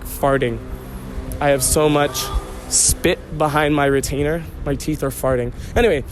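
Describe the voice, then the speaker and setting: A fairly high-voiced man chats to himself in a loose, joking way as he walks through city streets. Faint traffic and street noise sit behind him. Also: darkish tone. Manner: playful, joking self-talk with digressions. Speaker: podcast host. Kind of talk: rambling solo podcast while walking. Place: outdoors on city streets by canals.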